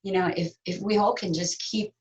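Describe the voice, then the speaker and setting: A woman's voice: medium pitch, steady tone, darkish tone. Heartfelt woman on dull lo-fi audio. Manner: heartfelt, reflective, with fillers and pauses. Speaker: actress guest. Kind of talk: interview conversation.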